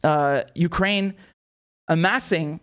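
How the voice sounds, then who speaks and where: A man's voice: fairly high pitch, a bit bright, clean tone. Indignant male political commentator. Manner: emphatic and indignant, rapid asides with many fillers. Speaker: political commentator, show host.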